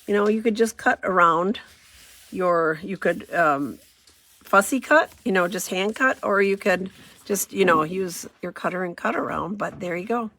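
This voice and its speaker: A woman's voice: medium pitch, normal speed, fairly bright tone, no echo. A woman running a casual crafting demo, chatty and self-deprecating, thinking aloud as she works. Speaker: craft demonstrator.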